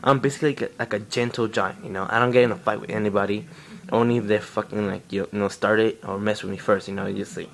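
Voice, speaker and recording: A man's voice: fairly low pitch, fairly even intonation, fast, vocal fry, fairly bright tone. A young man casually telling a story on his own channel, rambling with lots of fillers and swearing. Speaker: vlogger.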